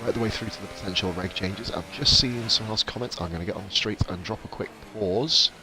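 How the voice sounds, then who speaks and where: A man's voice: lowish voice, fast talker. A man streaming a racing game, chatting with viewers in profane, jokey banter. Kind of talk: casual live-stream commentary.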